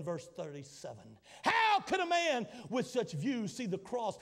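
A man in his sixties preaching a sermon as pastor, building his lines into dramatic shouted repetitions. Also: very high voice. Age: 60s. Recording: long hall reverb.

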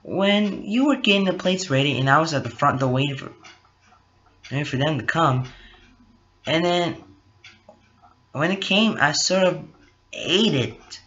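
A man doing a timid young woman, raised pitch. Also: lively intonation, measured pace, pauses often, bright, forceful tone. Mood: tearful. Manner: high, pleading and tearful. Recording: dull lo-fi recording.

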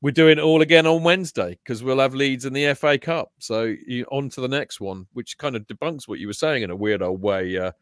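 A man co-hosting a football podcast in casual chat, chatty with quick jokey asides. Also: mid-range voice, dry recording, clean studio sound. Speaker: podcast co-host.

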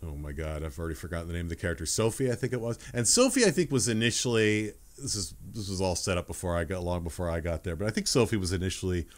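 Lively, stammering male podcast host. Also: sits low, quick pace, few pauses. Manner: enthusiastic, stammering, quiz-style questions. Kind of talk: casual interview chat.

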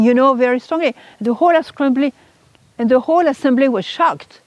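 A woman's voice: high-pitched, a little fast, darkish tone, no room sound. A woman, a religious sister, telling her personal testimony in an emotional, earnest way. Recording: dull lo-fi recording.

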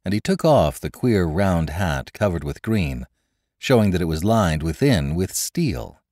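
A man giving an expressive scripted audiobook narration of a classic story. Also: deep voice, measured pace, no echo, studio quality.

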